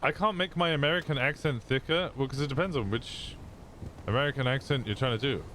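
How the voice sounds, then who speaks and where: A man's voice: medium pitch, fairly quick, fairly bright tone, a little hiss or hum. A man streaming, chatting casually, rambling and swearing freely as he thinks aloud.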